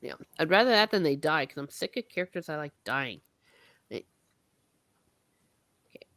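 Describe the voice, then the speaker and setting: A woman's voice: low voice, big pitch swings, moderate pace, a bit bright, no echo, clean studio sound. A woman hosting a casual book discussion, recapping the plot in a chatty way and swearing now and then.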